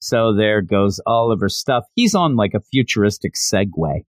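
A man's voice: on the low side, very animated, normal speed, dry recording. A man casually recapping a story, chatty and joking with lots of fillers. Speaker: reviewer.

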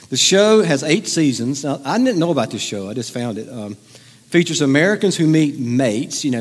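A middle-aged man preaching a sermon to a congregation, conversational and joking, teasing his listeners. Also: medium pitch. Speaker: pastor. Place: church hall with audience. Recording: reverberant hall.

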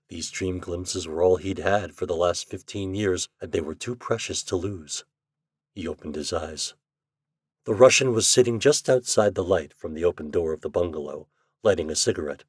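Husky, low-voiced male narrator. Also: moderate pace, dry recording, clean studio sound. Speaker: host and narrator. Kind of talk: audio magazine narration.

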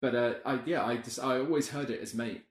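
Man, casual film chat, animated, rambling, roomy echo, mid pitch. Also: quick pace. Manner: animated, acts out quotes, rambling restarts. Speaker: podcast co-host.

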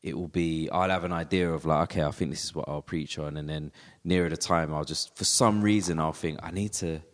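A man co-hosting a faith podcast who also preaches at church, speaking in a reflective, measured way as he thinks aloud. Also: extremely low pitch, steady tone. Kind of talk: casual faith conversation. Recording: long reverb.

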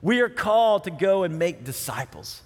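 High-voiced preacher man, chatty. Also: very animated, moderate pace, in a large hall. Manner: conversational, often asks the audience "right?". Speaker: pastor. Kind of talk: sermon.

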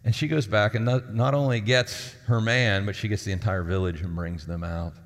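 A man's voice: lowish voice, fairly even intonation, moderate pace. A man preaching a sermon as lead pastor, talking in a conversational, storytelling way and acting out the people in his stories. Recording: long hall reverb.

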